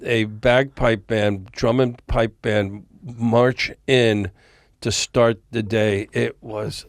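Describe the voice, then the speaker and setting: A man's voice: lowish voice, slow pace, no room sound, clean studio sound. A man, a music industry veteran, telling stories as a podcast guest and acting out the dialogue of the people in them. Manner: animated storyteller, acts out quoted dialogue. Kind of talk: storytelling interview. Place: recording studio.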